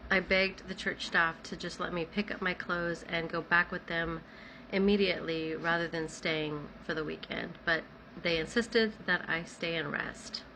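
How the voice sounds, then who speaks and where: A woman's voice: lowish voice, little pitch movement, measured pace, bright, forceful tone, a little hiss or hum. A woman casually telling her own story in the first person, talking in a loose, conversational way full of "like". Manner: conversational, many "like" fillers.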